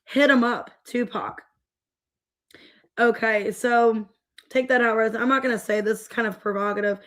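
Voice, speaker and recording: Young female tarot reader, slightly high voice, loose chatty delivery that greets viewers. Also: fairly even intonation, moderate pace, a bit bright. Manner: chatty, rambling, greets viewers mid-reading. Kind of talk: casual tarot reading.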